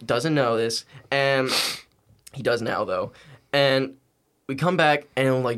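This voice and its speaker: A young man, a podcast guest, telling a story in a casual, animated, slangy and profane way. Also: mid-range voice, slow pace, long pauses.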